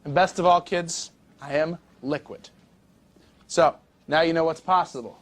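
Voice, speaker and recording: A man's voice: fairly even intonation, measured pace, natural voice. A man playing a cocky rich young broker. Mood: boastful. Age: 20s. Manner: brash, profane recruiting pitch. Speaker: stockbroker boss. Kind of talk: film monologue.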